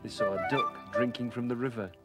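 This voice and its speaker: A man's voice: mid-range voice, brisk, over loud music. A man narrating a children's story in a playful way, savouring the sound words.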